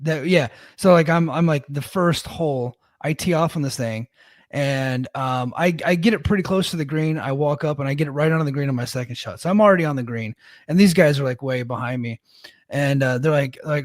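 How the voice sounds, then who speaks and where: A man's voice: on the high side, a little fast, no echo, clean studio sound. A man in his thirties, co-hosting a podcast, tells a rambling, self-deprecating story in casual chat with lots of restarts. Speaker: podcast co-host.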